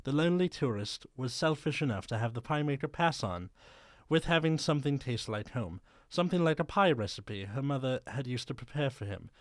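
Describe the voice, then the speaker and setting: A man's voice: medium pitch, expressive, brisk, no room sound, clean studio sound. A man reading fan fiction aloud on a podcast, stumbling over words and laughing as he goes. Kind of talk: comedic dramatic reading with banter.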